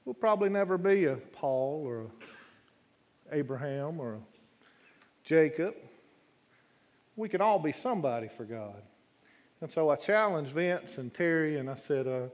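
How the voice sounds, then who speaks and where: Guy preaching in church, high voice, folksy, gets loud and fired up reading scripture. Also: normal speed, pauses often. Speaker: guest preacher. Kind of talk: sermon. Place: church sanctuary.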